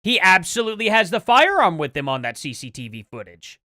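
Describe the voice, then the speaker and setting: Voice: medium pitch, sing-song, a little fast, sharp tone, no room sound, clean studio sound. A livestream host giving live reaction commentary, arguing back point by point and demanding proof.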